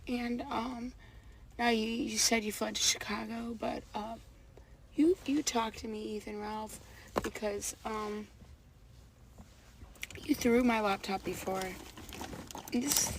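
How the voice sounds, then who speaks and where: Gravelly, foul-mouthed woman ranting. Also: fairly high pitch, steady tone, unhurried, pauses often, background noise. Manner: profane, confrontational, rambling. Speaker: livestreamer. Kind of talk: angry livestream rant.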